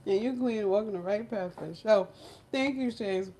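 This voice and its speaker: A woman's voice: medium pitch, moderate pace, dark tone, slight background noise. A woman from Brooklyn, chatting casually with viewers on a livestream and answering their comments in a slangy, direct way. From Brooklyn, New York. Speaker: vlogger reading live chat.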